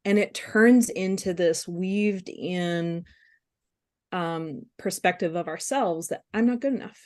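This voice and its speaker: Candid woman, halting and low-pitched. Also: darkish tone. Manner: candid, halting, with frequent fillers and restarts. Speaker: guest speaker on compassion fatigue. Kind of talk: casual webinar conversation.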